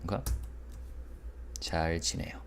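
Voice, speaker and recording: A man with a deep voice leads a casual online language lesson. He explains patiently, repeats each example and keeps checking in with the viewers. His voice springs upward whenever he stresses a new word. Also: fast, gravelly, a little hiss or hum. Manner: lively, pitch jumps up on key words. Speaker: Korean language teacher.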